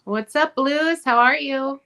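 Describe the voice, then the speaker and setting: A woman's voice: high voice, takes it slowly, sharp tone. A woman hosting a casual livestream chat, teasing her co-host and greeting viewers by name.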